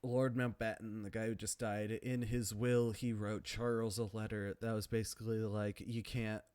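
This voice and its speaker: A man's voice: lowish voice, level tone, normal speed, a little mellow, smooth, no room sound. A man giving casual, sardonic commentary on a TV episode, with many fillers and restarts. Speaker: video commentator.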